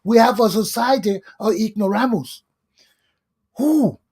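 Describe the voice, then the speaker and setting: Talk host, husky mid-pitched voice, scolding, fiery monologue. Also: unhurried, darkish tone. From Liberia. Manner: fiery, scolding, repetitive ranting. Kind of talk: impassioned political monologue.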